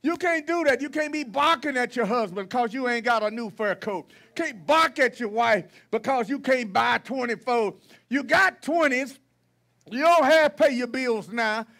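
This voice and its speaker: Male pastor, very high voice, folksy, blunt sermon style with repetition. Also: fairly bright tone. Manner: folksy, preachy, calls out the congregation with repetition. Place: church sanctuary.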